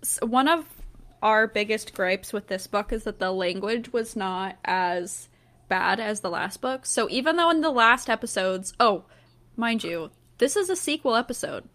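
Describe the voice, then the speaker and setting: A woman's voice: mid-range voice, lively intonation, normal speed, a bit bright. A young adult woman co-hosting a podcast, chatting casually in a blunt, giggly way. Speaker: podcast co-host. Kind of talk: casual chat.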